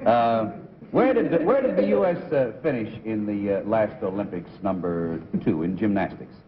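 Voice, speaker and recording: A man's voice: on the low side, expressive, normal speed, slight background noise. A man on a 1950s TV game panel, stammering and chuckling as he questions contestants. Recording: 1950s TV broadcast, dull with long reverb.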